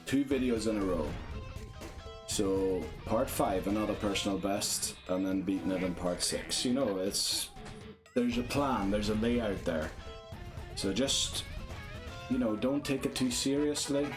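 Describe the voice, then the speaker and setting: With game music behind him, a man whose voice is lowish and a little slow talks casually to viewers as he plays a motion-control game live. He's chatty, self-deprecating, and thinks aloud as he goes.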